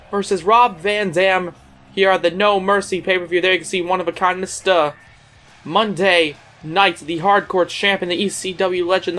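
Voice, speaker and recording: A video game commentator doing excitable play-by-play of a wrestling match, playing the big announcer and slipping into casual, laughing asides. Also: medium pitch. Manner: excitable announcer, keeps repeating "ladies and gentlemen".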